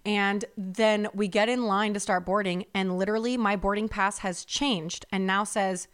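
A young woman telling a story in casual podcast chat, animated and profane, acting out what other people said. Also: mid-range voice, moderate pace, hardly any pauses, clear, resonant tone. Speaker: podcast co-host.

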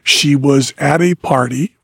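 A man's voice: fairly high pitch, a little slow, gravelly, breathy edge, no room sound. A man hosting a casual interview podcast, telling anecdotes and teasing his guest with dry questions. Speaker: podcast host.

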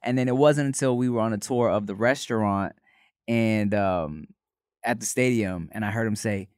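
A man co-hosting a podcast, animated and laughing, telling a story in casual chat full of fillers. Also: fairly low pitch, normal speed, clean tone, no echo, clean studio sound. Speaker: podcast co-host, actor.

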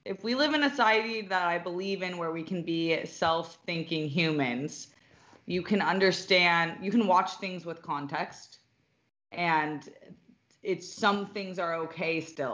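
A woman's voice: lowish voice, a little slow, fairly bright tone. A woman co-hosting a casual talk show, thoughtful and hedging her points. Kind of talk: casual chat.

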